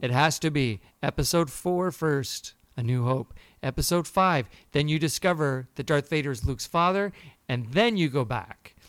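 A man co-hosts a casual podcast and tells his story with animated energy, acting out each person he quotes. His voice sits a bit high. The sound is dry and close. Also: normal speed, no room sound. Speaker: podcast co-host. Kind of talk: casual chat.

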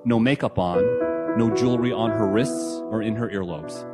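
Reflective low-voiced man reading a memoir. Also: loud music behind the voice. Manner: reflective, measured, quietly emotional. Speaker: narrator of his own memoir essay. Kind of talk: first-person memoir reading.

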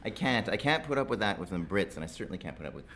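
A man's voice: low voice, big pitch swings, very fast, fairly bright tone, slight background noise. A man hosting a podcast while hungover, chatting casually with self-deprecating, mumbled asides. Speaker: podcast host.

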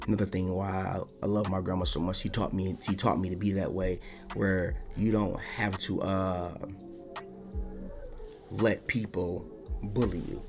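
A man hosting a podcast in a casual monologue, talking bluntly and defiantly, swearing freely and restarting his sentences often. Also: deep voice. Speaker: podcast host.

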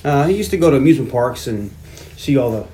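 A podcast host casually retelling a movie plot, loose and profane, with frequent laughs. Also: male voice, medium pitch, animated, fast talker, warm tone. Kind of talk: casual movie recap chat.

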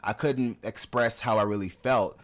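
A man's voice: on the low side, normal speed. A young adult man co-hosting a podcast, telling candid personal stories in casual conversation and laughing often. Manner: candid, laughs often, animated when acting out others. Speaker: podcast co-host.

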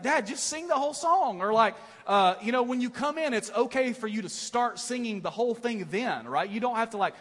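A middle-aged man preaching a sermon as pastor, telling stories in an animated, self-deprecating way with many "right?" asides. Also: sits high, in a large hall. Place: large church auditorium.

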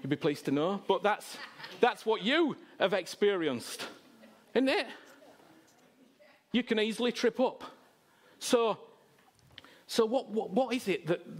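Impassioned high-voiced male preacher. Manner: impassioned, swings between loud exhortation and quiet asides. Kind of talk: sermon.

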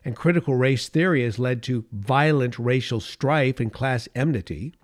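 A political commentator, middle-aged or older, speaks at a moderate pace and medium pitch in an emphatic opinion monologue. He leans on repetition of key phrases and falls into soft asides.

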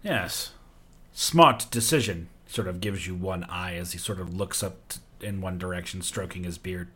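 A man narrating as game master of a tabletop game, relaxed and hesitant with many fillers. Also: sits low, normal speed, husky.

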